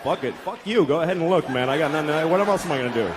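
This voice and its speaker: A man's voice: on the high side, animated, fast. Exasperated profane stand-up comedian, man. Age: 30s. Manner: profane, exasperated, acts out voices. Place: comedy club stage with laughing audience. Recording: live club recording with crowd noise.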